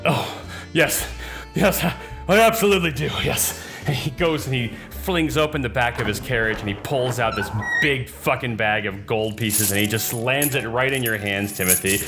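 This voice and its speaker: A man narrating as dungeon master, in a relaxed storytelling way with fillers. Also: medium pitch, normal speed, few pauses, over music. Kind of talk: narrating a tabletop game.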